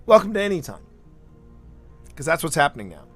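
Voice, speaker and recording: Animated man rambling on a livestream. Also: a little high, fairly quick, soft background music. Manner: animated storyteller, rambling with restarts. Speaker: streamer. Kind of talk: casual livestream chat.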